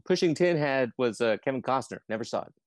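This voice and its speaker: Lively man reading quiz headlines. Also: medium pitch, no echo, clean studio sound. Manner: reads headlines slowly, laughs often. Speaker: quiz host. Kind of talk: casual podcast game.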